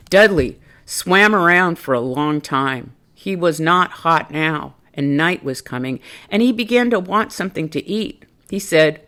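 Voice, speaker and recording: A woman storyteller reading a children's picture book aloud in an expressive, animated way. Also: sits low, a little slow.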